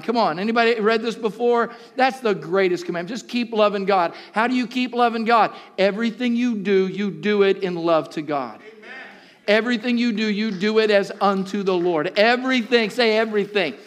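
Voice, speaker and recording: A man preaching a sermon as pastor, swinging between loud shouts and low, quiet stretches, repeating words and calling out to the congregation. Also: moderate pace. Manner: impassioned preaching, rising to shouts and dropping low.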